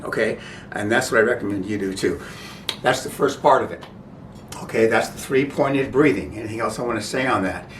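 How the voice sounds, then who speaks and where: A man explaining breathing exercises in a halting, informal way, often stopping to check "okay?". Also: a bit bright. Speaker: breathing instructor. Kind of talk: informal spoken instruction. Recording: roomy, distant mic, faint rumble.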